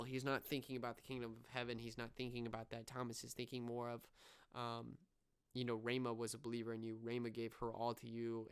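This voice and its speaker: A man's voice: medium pitch, fairly bright tone, clear, resonant tone. A young man co-hosting a podcast, earnestly retelling scenes of a show in a casual review with many ums and restarts. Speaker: podcast co-host.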